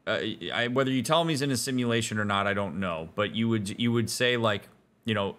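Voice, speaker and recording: A man's voice: fairly low pitch, brisk, fairly bright tone. A man commenting on a game as a therapist, giving emphatic, blunt advice on empathy. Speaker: therapist and gaming host. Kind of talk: casual let's-play commentary.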